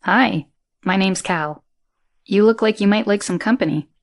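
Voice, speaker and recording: A woman's voice: mid-range voice, measured pace, natural voice. Cal, a woman voicing an eager friendly man. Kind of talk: audiobook character reading.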